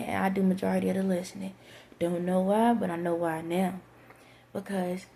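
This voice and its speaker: A woman's voice: mid-range voice, vocal fry, warm tone. A woman, rambling through a spiritual storytime monologue and acting out bits of quoted dialogue. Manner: conversational, drifts into quoted dialogue and spiritual asides. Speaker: vlogger.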